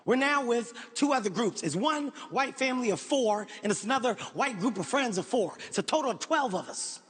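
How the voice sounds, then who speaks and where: A man performing stand-up comedy on stage, telling a story in a loud, animated, profane way. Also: very high voice, a little fast, breathy edge. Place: stage before a live audience. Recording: echoey hall, faint noise.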